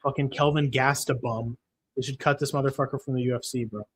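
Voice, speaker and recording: A young man hosting a live stream, swearing constantly and venting his frustration over a lost bet. His voice sits at an ordinary middle pitch, and he answers chat comments in a casual, irritated way. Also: fairly even intonation, fast talker, slightly rough. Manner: profane, frustrated ranting; reads chat comments aloud. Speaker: livestream host.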